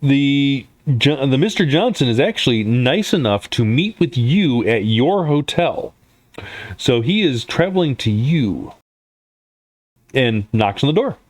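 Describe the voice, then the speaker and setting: A man running a tabletop game, narrating scenes and asking players what they do. His delivery is loose and unpolished, his pitch sits in the middle of the range, and the sound is dry and close with no room echo. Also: big pitch swings, measured pace. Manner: loose, many fillers and restarts, laughs easily. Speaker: game master.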